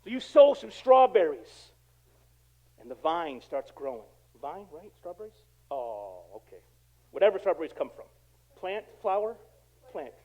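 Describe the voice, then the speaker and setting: A male pastor preaching a sermon in a casual, conversational way, swinging from quiet asides to loud emphatic bursts. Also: a little high, unhurried, muffled recording. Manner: animated, conversational preaching with dramatic swings in volume.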